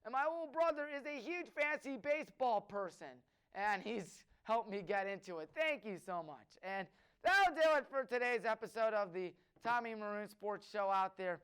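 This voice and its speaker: A man's voice: sits high, lively intonation, moderate pace, fairly bright tone, clear, resonant tone. A man hosting a solo sports talk show, eagerly listing names with frequent fillers. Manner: enthusiastic, rattles off lists of names with fillers. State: out of breath.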